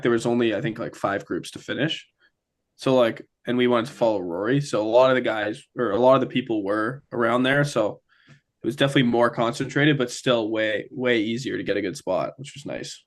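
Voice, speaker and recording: A young man from Ontario tells a story as a guest. His voice is mid-pitched, and he keeps things animated, acting out other people's lines as he goes. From Ontario, Canada. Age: young adult. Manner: animated, acts out quoted lines. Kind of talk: casual storytelling.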